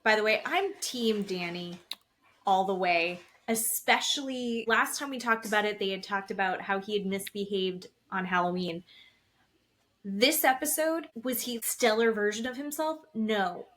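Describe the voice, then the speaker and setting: A woman's voice: medium pitch, a little slow, fairly bright tone. A woman co-hosting a podcast, chatting casually about a reality show, swearing and acting out what the cast said. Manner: chatty, swears, acts out quotes in retelling. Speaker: podcast co-host. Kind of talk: casual chat recapping reality TV.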